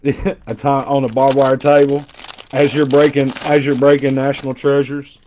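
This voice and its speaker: A man's voice: medium pitch, normal speed, slight background noise. A middle-aged man with a Southern twang, joking and bantering with his chat while opening a box of trading cards. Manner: joking, animated banter with chat, loud impressions. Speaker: card breaker. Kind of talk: casual live card-break chat. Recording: dull lo-fi stream audio.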